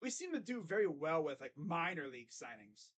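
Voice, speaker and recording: A young man doing live fan play-by-play, chatty and rambling, jumping to excited calls on each pitch. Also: brisk.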